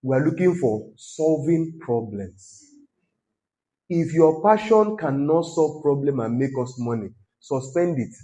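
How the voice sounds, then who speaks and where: Nigerian pastor preaching with lively exhortation. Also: male voice, fairly high pitch, a little slow. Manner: exhorting, conversational, teasing the congregation. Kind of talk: sermon.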